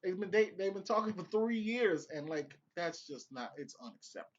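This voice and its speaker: A man's voice: high voice, lively intonation, a little fast, lo-fi sound. A young man giving casual, profane, rambling commentary on a TV episode he just watched, with laughing asides. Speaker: vlogger reviewing a TV episode.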